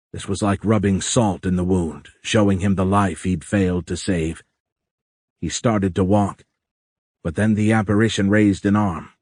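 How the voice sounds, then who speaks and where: A man narrating a science fiction audiobook in a measured, even way, on a close microphone. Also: low-pitched, no echo. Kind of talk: scripted narration.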